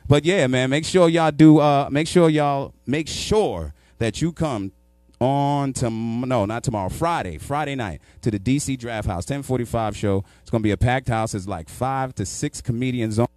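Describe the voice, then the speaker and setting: A man's voice: mid-range voice, moderate pace, a little mellow, no echo. A man, a stand-up comedian, telling stories in casual, profane street talk.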